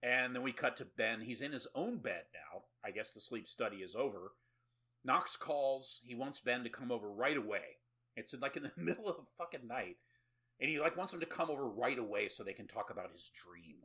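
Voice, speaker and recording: Bright-voiced sarcastic podcast host. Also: male voice, medium pitch, expressive, a little fast, husky. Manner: sarcastic, swearing, laughing asides. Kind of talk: casual movie recap.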